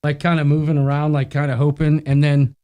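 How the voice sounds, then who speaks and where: Chatty man with a slightly high voice. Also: monotone, brisk, warm tone, clear, resonant tone. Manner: chatty storyteller, reads viewer comments aloud. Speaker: co-host of a live cruise show. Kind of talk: casual live-stream chat.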